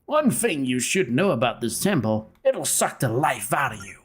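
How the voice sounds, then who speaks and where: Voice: mid-range voice, sing-song, moderate pace, husky, faint music behind. A streamer voicing a cocky, cowardly male ship captain with a smug, wheedling manner. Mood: bossy. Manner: smug, wheedling, talks down to a kid. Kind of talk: voicing game dialogue live.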